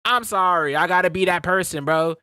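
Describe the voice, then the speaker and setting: A man's voice: sits high, a little fast, bright, forceful tone, smooth, no echo, clean studio sound. A man streaming, reacting to a clip in a casual, slangy way, often laughing.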